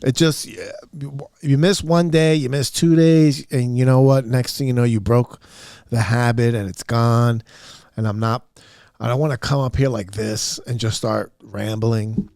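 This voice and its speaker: A man's voice: mid-range voice, fairly even intonation, measured pace, a little mellow, no echo, studio quality. A man hosting his own podcast, talking alone in a candid, rambling, self-deprecating way with lots of fillers. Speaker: podcast host. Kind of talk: casual solo podcast monologue. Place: upstairs room at home.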